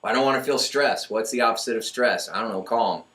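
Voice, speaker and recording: Energetic motivational man, echoey room. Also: fairly low pitch, brisk. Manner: energetic, acts out voices in stories. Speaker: host. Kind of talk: motivational talk. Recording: echoey room, mic far off.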